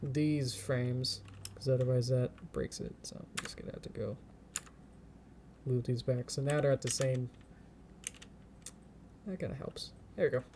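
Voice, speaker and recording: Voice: medium pitch, unhurried, pauses often, dark tone, a little hiss or hum. A streamer talking casually while animating at a computer, thinking aloud step by step, chanting little counts and laughing often.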